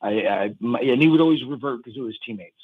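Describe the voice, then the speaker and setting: A man calling in to a radio show, telling a fond memory in a rambling, halting way with lots of fillers and restarts. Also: mid-range voice, lively intonation, husky, dry recording, phone-quality sound. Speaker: caller sharing a fan memory. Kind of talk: casual phone-in storytelling.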